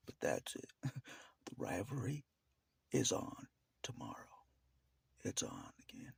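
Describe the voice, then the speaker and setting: A man talking casually to the camera in a rambling way, laughing often between phrases, in a gravelly, husky half-whisper. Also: lowish voice, wildly swooping pitch, measured pace, pauses often, no echo. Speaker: vlogger.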